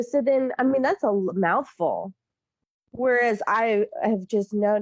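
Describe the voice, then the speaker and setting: A woman from the Midwest with a Midwestern accent, co-hosting a podcast and telling animated stories with frequent laughter. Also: medium pitch, measured pace, no room sound. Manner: animated storyteller, laughs often. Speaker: podcast co-host. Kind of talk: casual chat.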